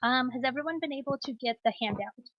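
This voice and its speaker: A woman with a Moscow Russian accent, a native Russian speaker, teaching an online class in a relaxed way with many ums and restarts. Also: sits high, fast, no echo. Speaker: class instructor. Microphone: computer mic on a video call. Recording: dull lo-fi video call audio.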